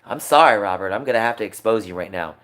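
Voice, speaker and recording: A man's voice: on the low side, expressive, fast talker, a bit bright. Agitated man ranting on stream. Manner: agitated, swings from muttering to raised voice. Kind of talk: emotional live stream rant.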